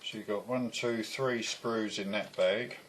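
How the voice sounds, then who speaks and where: Slow, low-voiced bloke rambling. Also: male voice, steady tone, background noise. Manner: chatty, self-deprecating, swears under his breath, loses his thread. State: out of breath. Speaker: model kit reviewer. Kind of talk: casual rambling kit review.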